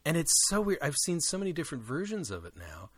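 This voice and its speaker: A man co-hosting a podcast, chatting casually and with animation about musicals, with quick jumps up in pitch for asides. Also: huge pitch swings, a bit bright, husky, dry recording. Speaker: podcast co-host.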